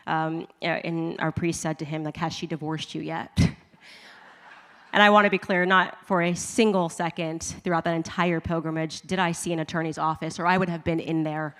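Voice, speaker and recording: A woman speaks to a live crowd, telling a personal story in a chatty, humorous way and often laughing. Her voice sits on the low side. A long reverb trails each phrase, as in a large event hall. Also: flat delivery, moderate pace, fairly bright tone. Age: adult with a husband and kids. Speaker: speaker giving a conversion testimony.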